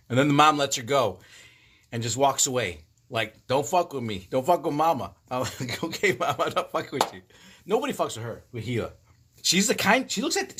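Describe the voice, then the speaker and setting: A man in his fifties chatting casually on a livestream, telling stories in a profane, animated way with frequent laughs. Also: on the high side, noisy background. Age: 50s. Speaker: livestream host. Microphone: phone.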